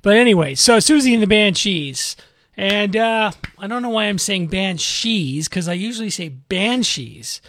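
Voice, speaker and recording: Man, radio DJ, high voice, dry studio sound, rambling casual chat. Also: fairly quick, fairly bright tone, no room sound. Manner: rambling, self-correcting, chatty.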